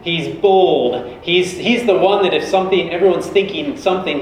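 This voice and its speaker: A man's voice: sits high, moderate pace, few pauses, distant mic, slight background noise. Man preaching in an echoey church. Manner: conversational, informal storytelling. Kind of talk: sermon. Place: large church.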